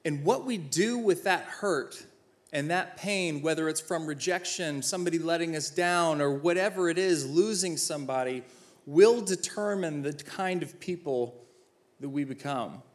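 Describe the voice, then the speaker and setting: In an inspirational talk, a thirty-something former football player recounts personal stories at a normal speed. His voice is fairly high, he mocks himself with humor, and he voices the dialogue aloud.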